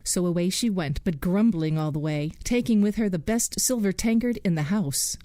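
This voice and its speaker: A woman reading a bedtime fairy tale slowly and soothingly. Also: lowish voice, warm tone, no echo. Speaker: bedtime storyteller. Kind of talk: scripted bedtime narration.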